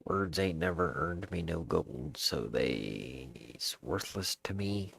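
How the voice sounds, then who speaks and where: Gruff old sea-captain, put on by a man, Southern drawl, raspy-husky, game journal reading. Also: rumbling low, expressive, a bit bright, dry recording, heavily acted. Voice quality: gravelly, drawn-out pirate speech. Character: boastful old male pirate captain, gruff.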